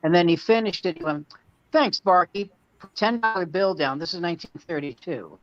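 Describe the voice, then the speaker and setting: A man's voice: on the high side, expressive, fast, dry recording. A man comedian telling rambling anecdotes in casual chat. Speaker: comedian and podcast co-host. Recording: dull lo-fi dry sound.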